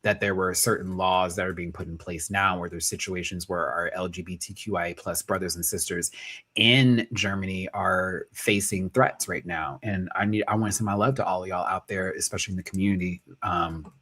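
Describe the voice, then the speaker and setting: A man, casually reviewing a drag competition on a live stream, animated and quick to laugh. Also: low voice, breathy edge. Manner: animated, jumps into impressions and laughs often.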